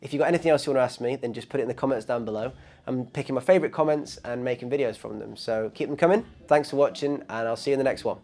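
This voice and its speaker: A man's voice: mid-range voice, racing, a little mellow. A man who hosts a drum channel, giving casual, encouraging advice to camera with lots of "you know" fillers.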